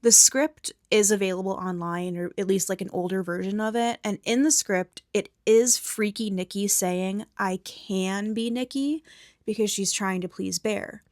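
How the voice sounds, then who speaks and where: Soft-spoken woman recapping a film in ASMR style. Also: medium pitch, steady tone, normal speed, few pauses, no room sound, clean studio sound. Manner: drifts between soft speech and whispering; casual, candid commentary with mild swearing. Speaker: movie recap host.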